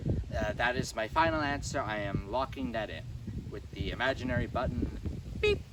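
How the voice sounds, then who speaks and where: A man voicing an eager, earnest young male game show contestant who keeps saying how excited he is and answers in a fussy, formal way. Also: medium pitch, moderate pace, lightly acted. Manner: overexcited, repeats himself, fussily formal. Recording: distant mic with noticeable noise.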